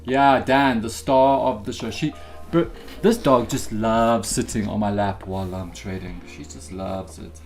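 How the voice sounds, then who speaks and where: This live futures day-trading streamer has a lowish voice and a measured pace. Relaxed and chatty, he explains his trades and addresses viewers as "guys," over soft background music.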